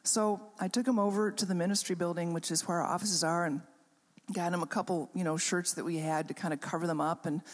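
A woman's voice: lowish voice, steady tone, brisk. A woman pastor telling a story in a sermon, talking conversationally with many fillers and restarts. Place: chapel hall. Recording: long reverb of a chapel hall.

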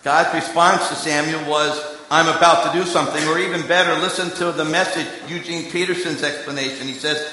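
A man preaching in a large hall, his voice bright and forceful. His story moves between hushed asides and strong emphasis, and every word rings out with a long, echoing reverb. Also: on the high side, steady tone, a little fast, hardly any pauses. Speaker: preacher and candidate recruiter. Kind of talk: sermon.

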